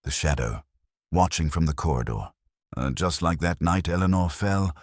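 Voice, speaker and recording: A man's voice: rumbling low, moderate pace, no echo, clean studio sound. A man voicing a terrified, half-conscious woman speaking faintly. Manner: whispering, faint.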